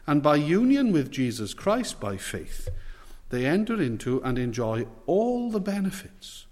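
Male preacher, sermon delivery, measured and emphatic, long hall reverb. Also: fairly high pitch, sing-song, darkish tone. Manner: measured, emphatic preaching with slow stressed phrases.

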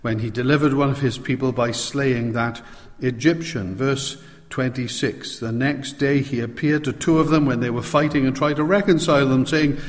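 A man giving an expository sermon, reading scripture aloud slowly and with heavy stress on key words. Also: medium pitch. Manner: reads scripture aloud with slow, emphatic stress. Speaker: preacher. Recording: long hall reverb.

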